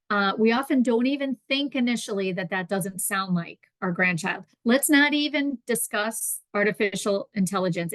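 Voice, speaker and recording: Lady giving a consumer talk, chatty, slips into quoted voices, kinda high, dry mic. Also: a bit bright, dry recording. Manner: conversational, acts out scam callers and victims in quoted voices. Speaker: consumer protection presenter. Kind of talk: public presentation.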